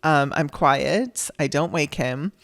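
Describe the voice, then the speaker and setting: A woman's voice: sits low, slow pace, a bit bright, no echo, clean studio sound. Emotional woman host sharing a story. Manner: emotional, chatty, laughing through tears. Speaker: podcast host. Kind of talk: personal storytelling.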